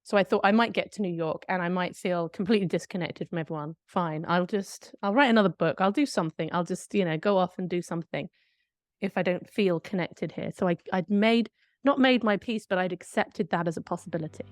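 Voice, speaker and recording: A woman's voice: fairly low pitch, brisk, no room sound, clean studio sound. A woman, co-hosting a podcast and telling a candid, reflective story in casual chat. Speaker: podcast co-host.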